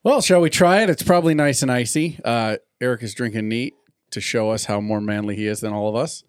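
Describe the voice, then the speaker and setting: A man hosts a relaxed chat over a bourbon tasting, rambling, poking fun at himself and laughing often. His voice sits at a middle pitch and is recorded close and dry, with no room sound. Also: fairly quick, clean tone, no echo. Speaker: podcast host.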